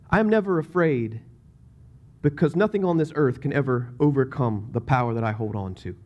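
A man's voice: on the high side, darkish tone. A man, a pastor, preaching a sermon in a conversational way, with joking asides and emphatic scripture readings.

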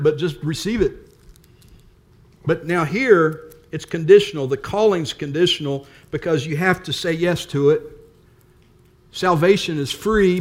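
An older man preaching a sermon as pastor, earnest and emphatic, with repeated phrases. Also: a little high.

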